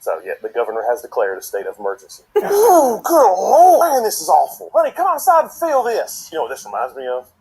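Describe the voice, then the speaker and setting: A man with a Southern US accent performing a comedy sketch in an animated, exaggerated folksy way. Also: high voice, fairly quick, few pauses, breathy edge, low-quality recording.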